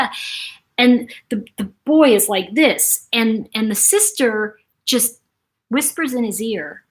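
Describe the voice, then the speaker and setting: Chatty, breathy woman host. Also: mid-range voice. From New York City. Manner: chatty, animated, reads viewer comments aloud. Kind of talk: casual live-stream chat.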